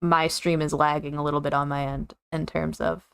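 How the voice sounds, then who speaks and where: A woman's voice: low-pitched, level tone, a little fast, vocal fry, a bit bright, clean tone. A woman chatting casually on a live stream, giggling often and rambling with lots of fillers and self-corrections.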